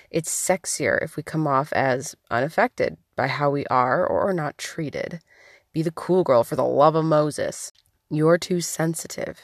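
Low-voiced woman hosting a podcast. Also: no echo, clean studio sound. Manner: candid, conversational, wry asides. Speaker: podcast host. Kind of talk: solo podcast monologue.

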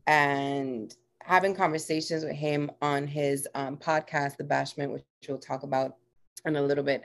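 A woman co-hosting a casual podcast, excitable and laughing often. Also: low-pitched. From US Virgin Islands. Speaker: podcast co-host.

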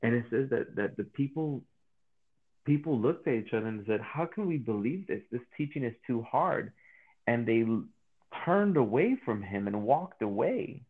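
A man's voice: mid-range voice, moderate pace, breathy edge. Man on a tinny phone-like line. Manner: animated storytelling, restarts. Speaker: guest. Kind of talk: casual faith interview.

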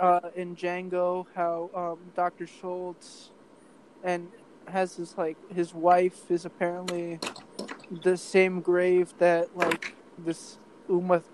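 A man's voice: high-pitched, slight background noise, poor audio. Rambling young man, casual podcast chat. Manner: rambling, many fillers and restarts. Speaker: podcast co-host.

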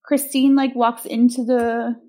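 A woman's voice: a little high, flat delivery, measured pace, warm tone. Chatty sarcastic woman recapping a film. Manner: chatty, sarcastic, many ums. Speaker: podcast co-host recapping a film. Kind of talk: casual chat.

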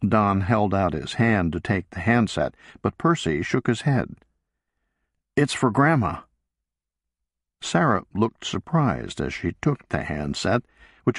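A man reading a novel aloud as an audiobook narrator, in a measured, deliberate way. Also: lowish voice, animated, no room sound, clean studio sound. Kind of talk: scripted narration.

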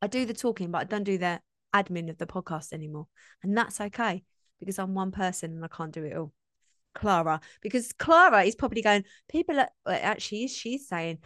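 A woman's voice: mid-range voice, expressive, brisk, a bit bright, no room sound, clean studio sound. A woman hosting her own coaching podcast, talking frankly and chattily with asides. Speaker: podcast host and self-belief coach. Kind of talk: casual solo podcast talk.

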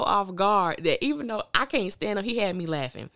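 A woman hosting a podcast, giving a casual and opinionated recap of a TV drama with lively, animated delivery. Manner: animated, opinionated, quick swings of pitch.

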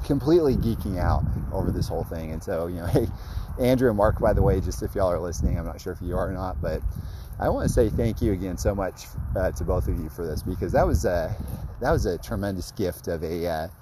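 A man telling an excited, rambling story about his custom card work, full of fillers. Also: low voice, fairly quick, noisy background. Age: adult, grew up a fan. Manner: rambling, many fillers, gushing.

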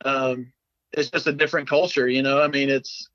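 A man from South Carolina with a Southern accent, chatting as a podcast guest in a relaxed, rambling way with many fillers. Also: medium pitch, moderate pace, no echo, highs cut off. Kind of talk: casual chat.

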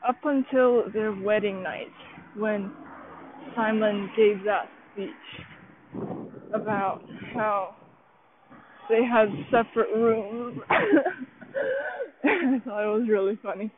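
A vlogger talking casually while walking uphill outdoors, out of breath and rambling with many fillers and restarts. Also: mid-range voice. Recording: tinny phone-like sound with faint outdoor noise.

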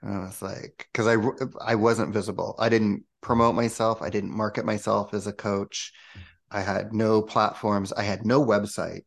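Guy with a gravelly voice chatting about his path as a spiritual coach, animated, acts out the quotes. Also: fairly low pitch, normal speed. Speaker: guest, spiritual coach and channel. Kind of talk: casual storytelling interview.

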